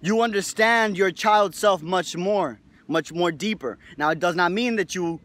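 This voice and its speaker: A man's voice: sits high, a little slow, a bit bright. A young man giving a casual, rambling motivational monologue to his viewers, swearing freely and tagging sentences with "right?". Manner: rambling, profane, lots of "right?" tags. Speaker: video host.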